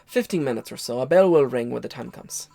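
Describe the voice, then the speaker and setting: Animated let's-play host reading dialogue. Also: mid-range voice, brisk, gravelly, dry recording. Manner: animated, switching between character voices. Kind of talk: reading game dialogue aloud in character.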